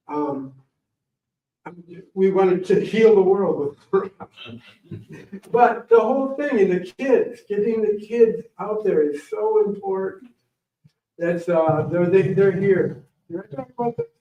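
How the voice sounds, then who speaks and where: Man telling stories to a crowd, lively and meandering, recorded from a distance. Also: high-pitched, measured pace, pauses often. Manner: rambling, animated, anecdotal. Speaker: guest speaker, morel hunting champion. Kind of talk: casual storytelling talk to an audience. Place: library meeting room. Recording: roomy, distant, dull room recording.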